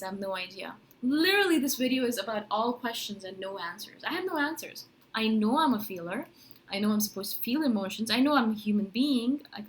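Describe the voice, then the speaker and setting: A woman vlogging to camera in a casual, rambling monologue, full of "like" and "right?" asides. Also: a little high. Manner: animated, rambling, lots of "like" and "right?".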